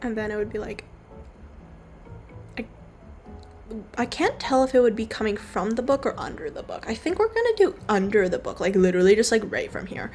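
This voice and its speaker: Brief: young woman, slightly high voice, laid-back drawing commentary, soft music playing low behind her. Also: big pitch swings, a little fast, long pauses. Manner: rambling, offhand, casually swearing. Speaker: digital artist streamer. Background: faint background music.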